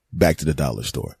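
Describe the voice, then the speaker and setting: A man's voice: mid-range voice, no echo. A man hosting a podcast, telling a rambling, exasperated comic story as a solo monologue. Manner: rambling, animated, exasperated ranting. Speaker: podcast host. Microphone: close podcast mic.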